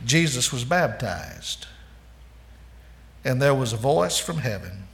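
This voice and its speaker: A male pastor preaching a sermon in an earnest, emphatic way, calling the listeners "friend" and swinging from soft, low passages to loud declarations. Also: very animated, slow, gravelly.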